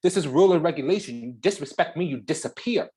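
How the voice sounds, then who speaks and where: With a breathy edge to her medium-pitched voice, a spiritual channel host delivers an expressive, heated, profane reading. Loud declarations give way to hushed asides, punctuated by dramatic pauses.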